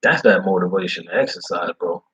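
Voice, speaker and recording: A man who is a food service delivery driver, chatting casually in slangy, animated talk. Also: low-pitched, brisk, lo-fi sound. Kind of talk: casual chat.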